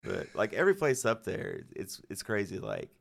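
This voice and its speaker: A man's voice: lowish voice, very animated, moderate pace, creaky. A middle-aged man, a guest musician, rambling through stories in casual podcast chat and swearing freely.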